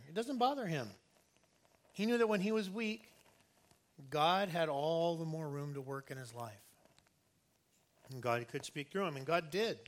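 Bright-voiced, earnest male pastor preaching. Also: a little high. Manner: earnest, emphatic, conversational, with restarts. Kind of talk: sermon.

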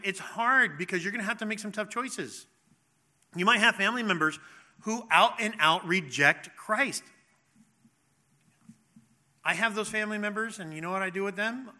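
Bright-voiced man preaching a sermon. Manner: emphatic preaching, drops to low intense tones, playful voices in anecdotes. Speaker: pastor.

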